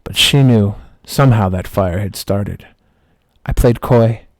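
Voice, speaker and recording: A man streaming who tells a comic story with mock-dramatic, slow deadpan delivery. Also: on the low side, no room sound.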